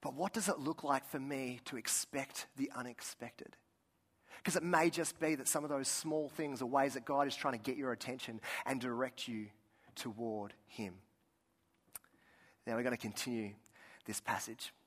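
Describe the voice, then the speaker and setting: A man's voice: mid-range voice, fairly even intonation, moderate pace, a bit bright. A man preaching a sermon, telling personal stories in an earnest way with frequent restarts and asides. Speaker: pastor.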